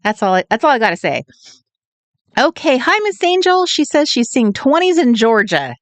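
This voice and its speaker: A woman's voice: high voice, big pitch swings, moderate pace, dry recording. A woman from California hosting a late-night craft livestream, chatting and greeting viewers in a giggly, sing-song way. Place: home, at night.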